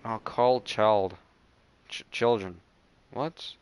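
A young man chatting excitedly and teasing his friends while playing a game over a headset, swearing often. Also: fairly low pitch, extremely slow, a little hiss or hum. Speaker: gamer. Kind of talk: casual gameplay chat with friends.

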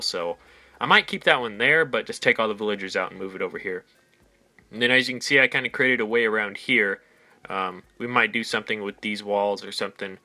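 A gaming channel host in a mid-range, sharp-toned voice narrates his own game casually as he plays. It's a relaxed let's play, full of rambling, frequent ums and little laughs.

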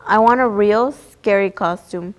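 Brief: woman reading an eager young boy, excited, lightly voiced. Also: mid-range voice, a little slow, lightly acted.

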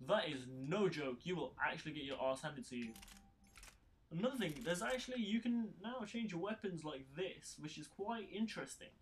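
A man's voice: sits high, expressive, normal speed, slight background noise. A young man giving casual, rambling gameplay commentary, sounding tired and swearing when things go wrong. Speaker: gaming YouTuber. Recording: game music loud behind the voice. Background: game music and sound effects.

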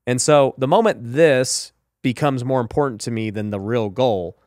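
A podcast host talks casually and emphatically about faith and business, sprinkling in "you know" and "right?" His mid-range voice moves at normal speed and is a little mellow. The recording is dry and studio quality.

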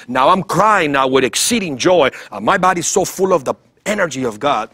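Male guest for a TV interview, husky and animated, tells an emotional testimony. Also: fairly high pitch, a little fast, hardly any pauses. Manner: animated storytelling, acts out voices, repeats words. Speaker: guest evangelist.

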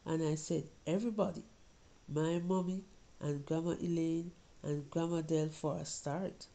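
A woman's voice: sits low, steady tone, measured pace, warm tone, rough recording. A woman reading a story as an anxious young Jamaican girl, confiding and pleading with her mother. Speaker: reader of a short story.

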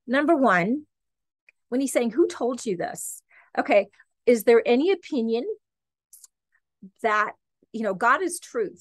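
Earnest woman teaching the Bible casually. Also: mid-range voice. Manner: earnest and conversational, with frequent "okay" and "right". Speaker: podcast host and Christian teacher.

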